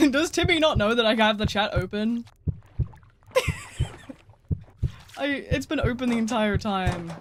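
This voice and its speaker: A man's voice: very high voice, a little slow, pauses often. A man streaming a game live, chatting casually with his chat, swearing and laughing easily as he plays. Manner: casual, excitable, swears and laughs often while reading chat. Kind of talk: live gameplay commentary. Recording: noisy with mouse and key clicks.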